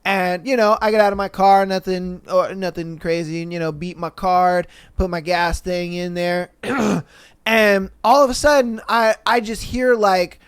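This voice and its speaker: A young man co-hosting a podcast, telling a story in casual chat, animated, swearing freely and acting out voices. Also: high-pitched, measured pace, smooth. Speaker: podcast co-host.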